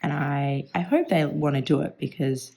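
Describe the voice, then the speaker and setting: A woman with a hoarse, partly lost voice, chatting casually through a stationery flip-through vlog, clearing her throat now and then. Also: deep voice, moderate pace, dark tone. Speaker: stationery vlogger.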